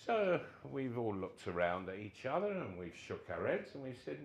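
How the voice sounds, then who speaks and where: A man's voice: medium pitch, moderate pace. A man in his sixties, a former footballer, telling anecdotes to a live audience in a social club and acting out the people he quotes. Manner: animated, acts out quoted voices. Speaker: former footballer, guest storyteller. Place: social club function room. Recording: roomy hall echo.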